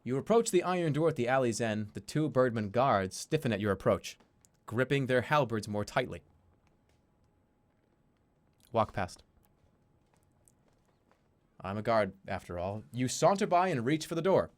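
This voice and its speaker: Animated man reading a game aloud. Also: medium pitch, moderate pace. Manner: animated, jokey and swearing. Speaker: streamer. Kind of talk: casual gaming commentary reading game text aloud.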